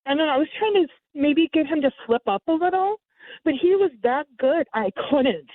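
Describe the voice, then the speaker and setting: Lively woman on a tinny phone line. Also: fairly quick, no echo. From United States. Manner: lively, mimics others with sudden high pitch jumps. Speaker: guest telling her scam story. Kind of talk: casual storytelling.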